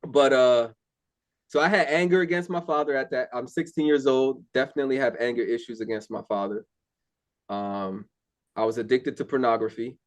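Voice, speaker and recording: A young man speaking candidly in a relaxed conversation. He tells his faith story plainly and earnestly, with plenty of ums and restarts. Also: medium pitch, normal speed. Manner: candid, earnest, many fillers. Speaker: interview guest. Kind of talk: casual testimony.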